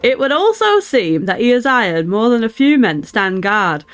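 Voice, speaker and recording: A woman's voice: fairly high pitch, sing-song, moderate pace. A woman reading the lines of a formal male knight in a put-on northern English accent, in old-fashioned game dialogue.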